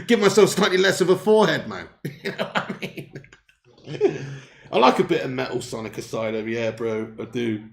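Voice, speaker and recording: A man's voice: fairly high pitch, vocal fry. A man hosting a live football watch-along, bantering and laughing with viewers between commentary. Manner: jokey banter, laughs often, chats with viewers. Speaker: host.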